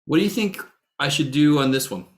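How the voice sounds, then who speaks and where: A man's voice: on the high side, brisk. A middle-aged man runs a math lecture over a video call. His delivery is casual and joking, full of blunt asides and casual swearing. He ribs students by name as he walks them through each step. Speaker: math instructor.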